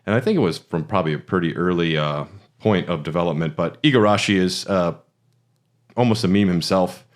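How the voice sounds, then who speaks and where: This is a podcast co-host chatting casually about games, rambling along with plenty of fillers and restarts. His voice sits low and he talks fairly quickly.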